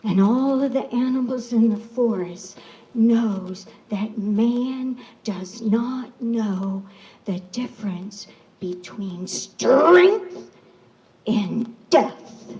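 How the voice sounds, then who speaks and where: Slow, dramatic woman storyteller. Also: on the high side, animated, darkish tone, low-quality recording. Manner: slow, dramatic, drops to a whisper. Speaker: storyteller at a rally. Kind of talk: oral storytelling, fable.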